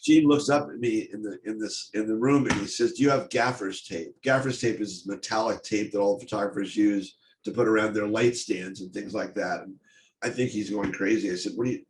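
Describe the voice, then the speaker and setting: An older man giving a personal storytelling talk on stage, speaking in a halting, intense way with many restarts. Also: on the low side, fairly even intonation. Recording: echoey room, faint noise.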